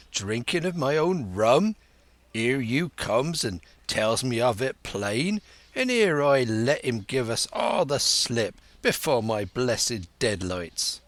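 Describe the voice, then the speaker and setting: A man's voice: mid-range voice, a bit bright, dry recording. Long John Silver, a man doing a blustering pirate. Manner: hearty, blustering sea slang. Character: loud crafty one-legged pirate cook, older man.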